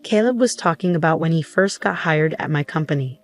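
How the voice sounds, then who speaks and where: Low-voiced woman narrating a story. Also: brisk, soft background music. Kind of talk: first-person story narration.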